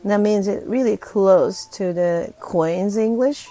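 A woman's voice: medium pitch, slow, dark tone, soft background music, low-quality recording. A woman with a Japanese accent, hosting a casual live audio chat, talking with lots of fillers and switching between English and Japanese. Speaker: host.

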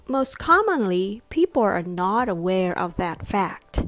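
A woman teaching English pronunciation, modelling words slowly with exaggerated stress and repeating each one. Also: medium pitch, very animated, fairly bright tone, no echo, faint music behind. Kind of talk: slow deliberate pronunciation lesson.

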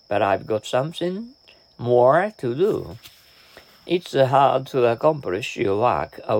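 A man works slowly through practice dialogues for vocabulary, taking both parts himself. His pitch swings widely, and a gravelly fry creeps into his voice as he hesitates and restarts. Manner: hesitant, frequent "uh" fillers and restarts; reads both sides of each dialogue. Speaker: language practice reader. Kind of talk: reading example dialogues aloud.

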